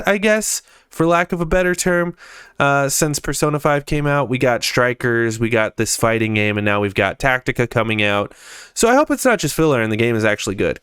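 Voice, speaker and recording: A young man talks through gaming news in a loose, excited podcast ramble, peppered with "uh" and "you know." His voice is smooth and resonant at an ordinary middle pitch. The recording is dry and close, with no room sound. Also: dry recording. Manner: enthusiastic, chatty, with frequent fillers. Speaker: podcast host. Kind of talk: casual gaming news commentary.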